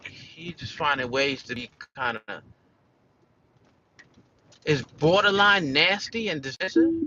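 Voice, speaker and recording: A man's voice: mid-range voice, bright, forceful tone, dull audio, a little hiss or hum. An American man venting casually in a candid, profane, rambling monologue, full of restarts. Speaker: vlogger.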